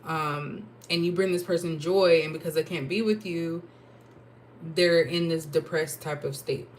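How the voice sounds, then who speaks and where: A woman's voice: deep voice, measured pace, slight background noise. A woman giving a casual tarot reading, chatting and thinking aloud with asides. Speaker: tarot reader.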